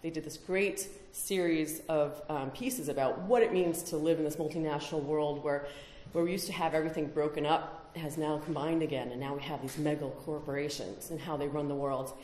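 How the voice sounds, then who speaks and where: A woman's voice: deep voice, steady tone, fairly quick, few pauses, darkish tone, roomy sound, slight background noise. A woman giving a conference talk, emphatic, with rhetorical questions. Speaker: conference speaker. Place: conference hall.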